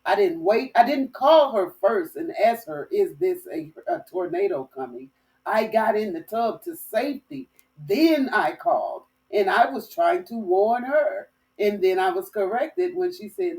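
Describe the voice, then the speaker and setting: A woman from Florida telling a lively story as host of a dating advice talk, with folksy phrasing. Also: mid-range voice, a little slow, recorded from a distance, rough recording. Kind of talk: casual storytelling monologue.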